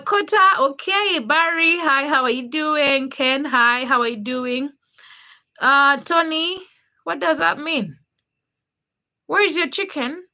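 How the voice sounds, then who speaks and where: A woman's voice: high voice, bright, forceful tone. A woman from Uganda, chatting casually on her livestream, greeting viewers by name and teasing them. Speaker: livestream host. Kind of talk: casual live stream chat reading viewer comments.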